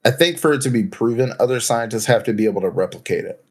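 A man's voice: mid-range voice, expressive, fast talker. A young man in casual podcast chat, hedging and saying "like" and "right?" often.

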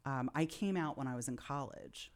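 With an extremely low pitch and a normal speaking speed, a woman in her forties tells personal stories from her childhood on a podcast. The candid interview is heartfelt and reflective, and she is openly emotional at times.

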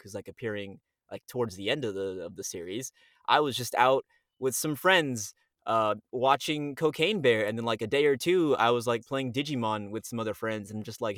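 A man's voice: on the low side, no echo, clean studio sound. A male voice actor and podcast guest telling a story casually, acting out his own past reactions with many "like"s. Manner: animated, acts out his past reactions with lots of "like".

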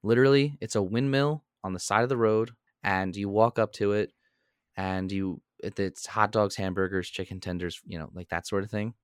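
A young man and podcast co-host telling a story in a casual, animated way. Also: moderate pace, clear, resonant tone, dry recording, clean studio sound. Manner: animated storyteller, jumps into high voices when quoting.

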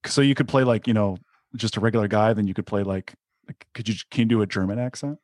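Earnest low-voiced man guesting on a podcast. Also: fast talker, dry recording, studio quality. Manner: earnest and warmly appreciative. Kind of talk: casual podcast chat.

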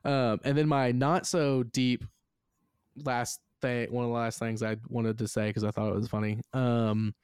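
A man's voice: mid-range voice, little pitch movement, a little slow, a little mellow, clean tone, no echo. Rambling man, dry close sound. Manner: rambling, heavy use of "like", swears casually. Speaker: podcast host. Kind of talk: casual movie review chat.

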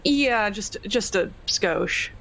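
A woman serves as game master for a tabletop vampire game, describing scenes in a relaxed, easygoing way. Her voice sits in a plain middle register. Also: medium pitch, slow, vocal fry, low-quality recording.

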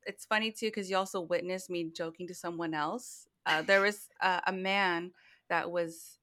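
A woman guest speaks casually on a podcast in a bright, clear voice. Her humor is dry and deadpan. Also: lowish voice, moderate pace, dry recording. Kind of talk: casual conversation.

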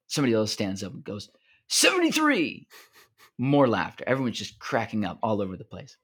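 Low-voiced man telling a joke. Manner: animated joke-telling with fillers and restarts. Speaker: podcast co-host. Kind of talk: casual chat, storytelling.

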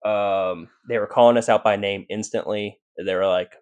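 A paranormal investigator appears as a podcast guest, rambling through his stories with lots of fillers and restarts. His voice is on the low side and steady in tone, and he speaks a little slowly in this casual interview storytelling.

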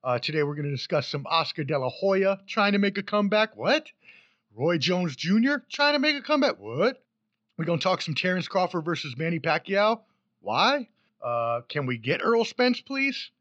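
A man hosting a casual sports podcast, animated and playful, with sudden loud bursts and fast rambling runs. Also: high-pitched, no room sound. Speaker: podcast host. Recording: dry, slightly muffled podcast mic.

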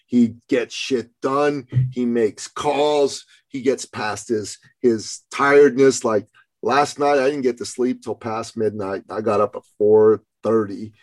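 A man's voice: medium pitch, fairly even intonation, slow, rough recording. A man in his fifties hosting a podcast, talking casually in a blunt, profane storytelling way. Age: 50s. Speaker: podcast host. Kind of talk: casual conversation.

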